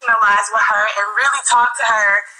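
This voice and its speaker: A woman's voice: fairly high pitch, steady tone, a little fast, sharp tone, poor audio. A young woman calling into a live stream, gushing with effusive, casual praise and saying "like" a lot. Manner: gushing and effusive, full of 'like'.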